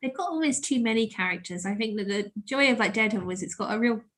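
A woman co-hosting a podcast in a casual, animated style. Her voice sits a little high, and she peppers her talk with "like" and bursts of laughter. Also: fast. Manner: chatty, animated, laughs often, many "like" fillers. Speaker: podcast co-host. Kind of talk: casual chat.

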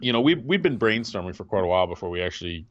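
A man's voice: on the low side, big pitch swings, racing, dry recording, lo-fi sound. A man in his forties co-hosting a podcast, rambling and chatty, often trailing off and restarting. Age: 40s. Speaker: podcast co-host. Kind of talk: casual chat.

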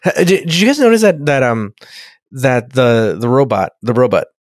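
A man's voice: mid-range voice, expressive, normal speed, no room sound, studio quality. A man co-hosting a casual review podcast, joking around and swearing, often restarting his sentences. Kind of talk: casual chat reviewing episodes.

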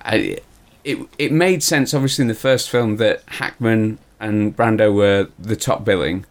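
A man's voice: fairly low pitch, unhurried. A man co-hosting a casual film chat, often repeating words as he searches for the right phrasing. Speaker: podcast co-host.

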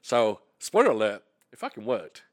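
A British man co-hosting a podcast, telling stories in a casual, animated, sweary way. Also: on the low side, normal speed, no echo. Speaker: podcast co-host. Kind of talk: casual chat.

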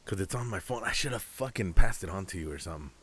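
A man's voice: low-pitched, expressive, fast, a bit bright, breathy edge, no room sound. A man co-hosting a podcast, joking around and swearing heavily in casual banter. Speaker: podcast co-host. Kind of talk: casual chat.

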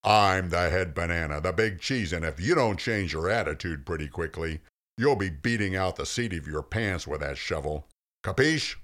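A man voicing a gruff, wisecracking male God who talks like a blunt boss, in a comic story reading. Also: very deep voice, animated, normal speed, heavily acted. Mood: bossy. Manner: brash, commanding, slangy.

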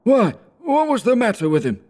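A man squeaking as a snuffy old merchant. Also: big pitch swings, moderate pace, a little mellow, full character voice. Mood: scornful. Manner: high, squeaky voice. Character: snuff-taking male merchant, high and scornful.

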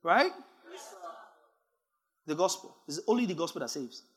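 A man preaching a sermon, reading scripture aloud and building from calm teaching to emphatic shouting. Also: on the high side, a little slow.

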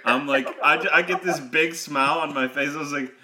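A man co-hosting a podcast, telling a story in casual chat, animated and laughing, repeating words when excited. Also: a little high, moderate pace, noisy background. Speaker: podcast co-host.

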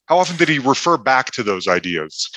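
A man's voice: medium pitch, very animated, brisk, pushed and bright, no room sound, low-quality recording. A man hosting a podcast interview, asking follow-up questions and giving short encouraging replies. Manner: brief encouraging backchannels. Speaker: podcast host.

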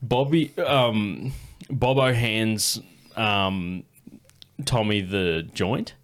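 Aussie male podcast host, lower voice, loose and sweary, laughs through his stories. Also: extremely slow. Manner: laid-back, sweary, laughing often. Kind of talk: casual storytelling chat.

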